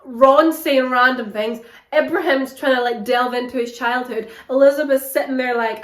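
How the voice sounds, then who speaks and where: A woman's voice: high-pitched, moderate pace. A young woman giving a casual, blunt and sarcastic book review at home. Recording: roomy echo.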